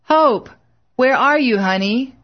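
A man's voice: high-pitched, normal speed, highs cut off, close to an everyday voice. A woman reading as a desperate young preacher husband. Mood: frantic shouting. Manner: frantic, pleading.

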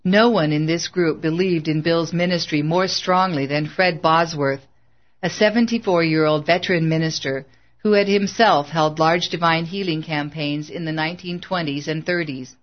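A narrator reading a biography aloud in a steady, plain scripted style. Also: mid-range voice, lo-fi sound.

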